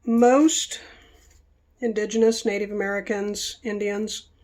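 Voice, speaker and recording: A woman's voice: medium pitch, steady tone, takes it slowly, darkish tone. A woman vlogger telling stories in a rambling, chatty way, stopping herself mid-thought while she works with her hands. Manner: chatty, self-interrupting. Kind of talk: rambling casual storytelling.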